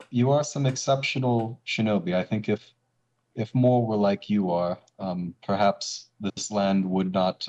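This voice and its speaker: A man voicing a calm, measured male ninja commander in a tabletop game, speaking with hesitant pauses. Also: sits low. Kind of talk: game master voicing a character. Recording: slightly dull lo-fi audio.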